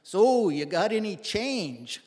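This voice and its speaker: A man putting on a deadpan Canadian mechanic. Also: high voice, takes it slowly, big-room sound, voice pushed up, exaggerated voice. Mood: laconic. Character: laconic, matter-of-fact Canadian roadside mechanic man.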